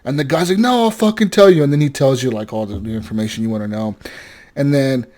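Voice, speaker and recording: A young man co-hosting a gaming podcast, telling a story with animated energy, swearing and acting out the characters' lines. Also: mid-range voice. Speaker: podcast co-host. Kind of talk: casual gaming chat.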